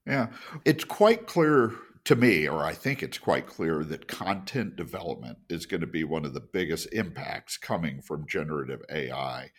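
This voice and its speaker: This is a man co-hosting a podcast in relaxed conversation, with a deep voice. He explains things earnestly and lets his phrases drop lower as he finishes them. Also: moderate pace, slightly rough. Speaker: podcast co-host. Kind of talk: casual podcast discussion.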